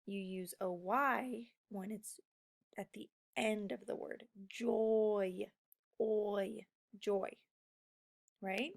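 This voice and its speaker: A woman teaching a recorded phonics lesson, explaining slowly and patiently to young students. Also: mid-range voice, vocal fry, fairly bright tone.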